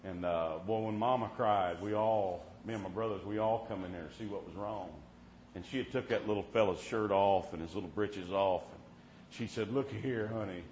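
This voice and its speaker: A man's voice: fairly low pitch, steady tone, moderate pace, a little mellow, slight background noise. A male preacher with a drawl tells homespun stories from the pulpit and works them into fervent preaching, with "Amen" between his lines. His voice carries through a roomy church, and the recording sounds a bit dull, with faint ambience behind him. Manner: folksy, punctuates with "Amen", preaches with rising fervor. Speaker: preacher at a revival meeting. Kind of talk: storytelling sermon.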